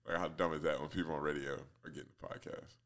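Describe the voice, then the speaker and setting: Solo podcast host, man in his forties, very deep voice, loose and self-mocking, laughs a lot. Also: fairly even intonation, quick pace, fairly bright tone. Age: 40s. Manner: laughs often, swears freely, self-mocking. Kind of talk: rambling solo podcast monologue.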